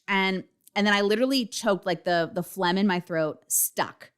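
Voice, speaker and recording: Expressive and smooth, her mid-range voice has a fairly bright tone and keeps a moderate pace with hardly any pauses. On her solo podcast, this woman in her thirties speaks candidly and emphatically, with frequent profanity.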